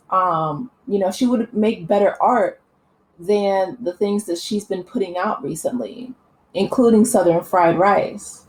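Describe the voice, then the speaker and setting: A woman's voice: mid-range voice, darkish tone, rough recording. A woman vlogger giving impassioned, earnest opinion commentary, with many fillers and restarts.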